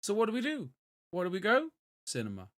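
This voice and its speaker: Brief: British male co-host, 30s, animated chatty storyteller, slightly high voice with wide swings. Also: fairly quick. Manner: animated storyteller, swings between loud and muttered. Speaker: podcast co-host. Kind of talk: casual chat.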